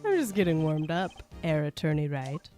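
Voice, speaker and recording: A woman's voice: sits low, expressive, moderate pace, dark tone, faint music behind. A woman voicing a cocky young male rock-star prosecutor with an affected European accent, smug and showy.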